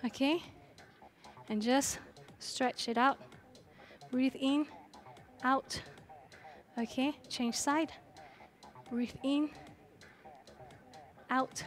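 High-voiced, breathless woman fitness coach. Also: fairly even intonation, very slow, pauses often. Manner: encouraging, counts down and cheers on. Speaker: fitness instructor. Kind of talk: live workout coaching. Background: faint music.

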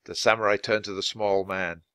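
A man's voice: sits low, steady tone, normal speed, pushed and bright, no room sound, clean studio sound. A man reading a children's chapter book aloud at a natural pace for language learners. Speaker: storybook reader. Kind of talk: audiobook narration for language learners.

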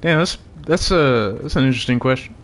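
A man's voice: medium pitch, brisk. Profane young man streaming a game. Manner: profane, joking, bursts of excited shouting. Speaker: streamer playing with viewers. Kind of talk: casual gaming livestream chat.

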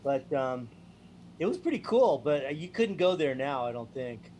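A man on a panel telling a casual anecdote in a rambling, halting way. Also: mid-range voice, very animated, darkish tone, slight background noise, rough recording.

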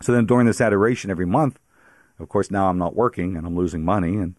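Deep-voiced man laughing through his story. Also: fast talker, darkish tone, no room sound, studio quality. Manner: chatty storyteller, laughs often. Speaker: priest, interview guest. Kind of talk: personal faith story on a radio interview.

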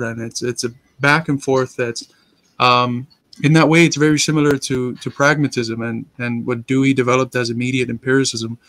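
A man's voice: mid-range voice, a bit bright, no echo. Lecture-like man on a dry mic. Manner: explanatory, lecture-like. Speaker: co-host and teacher. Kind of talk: casual discussion.

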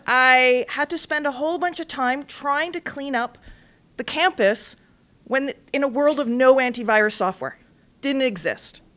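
Animated middle-aged woman giving a talk. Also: fairly high pitch. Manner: animated storyteller, acts out voices in anecdotes. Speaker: guest speaker. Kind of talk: lively campus talk. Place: lecture hall.

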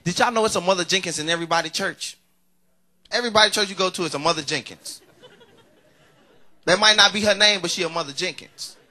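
A young male stand-up comedian with a bright, forceful voice, a little congested. He chats with the crowd in a loose, teasing way. His voice sits slightly high for a man. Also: fast talker, pauses often. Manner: conversational, teasing the audience.

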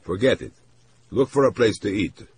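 A man's voice: fairly low pitch, animated, normal speed, darkish tone, a little hiss or hum, pitched above the performer's own voice. A man reading an audiobook, voicing a curt young man who talks in a brusque, impersonal way.

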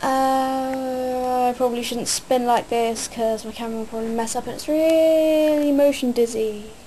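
A woman's voice: high-pitched, fairly even intonation, moderate pace, mellow, slight background noise, rough recording. Hyper, rambling young woman vlogging. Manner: hyper, rambling, many fillers. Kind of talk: casual vlog chat.

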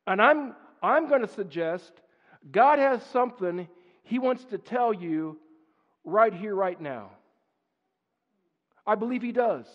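A man with a notably high voice preaches in a church sanctuary, his words trailing off into a long reverb. The recording sounds dull and muffled. He talks conversationally and often restarts phrases. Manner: conversational, repeats words while searching for phrasing. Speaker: pastor. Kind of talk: sermon.

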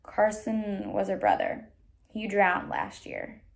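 A woman voicing a quiet, sad preacher. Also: medium pitch, huge pitch swings, takes it slowly, gravelly, heavily acted. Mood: somber. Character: gentle grown man, a quiet sad preacher.

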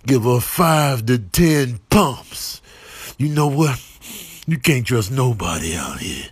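A man voicing an angry, heartbroken male bird who rants in a low, seething grumble. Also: very animated, takes it slowly, slightly rough, no room sound, exaggerated voice. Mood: bitter.

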